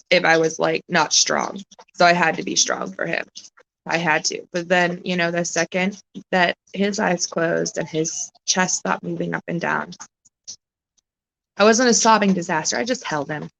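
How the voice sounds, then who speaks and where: Woman, live-stream chat, on the verge of tears, halting, heavy swearing, lowish voice. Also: steady tone, vocal fry, a bit bright, slight background noise, poor audio. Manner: halting, emotional, swears a lot. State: close to tears.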